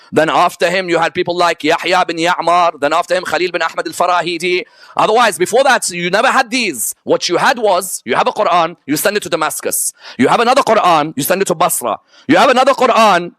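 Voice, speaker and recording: A man with a notably high voice teaches religious history to a live audience. The sound is dry and close, with little room around it. He walks his listeners through points one at a time and keeps pulling them in with "yes?" and "correct or no?". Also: fairly bright tone, no room sound. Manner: lists items one by one in a slow, emphatic way. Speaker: religious lecturer.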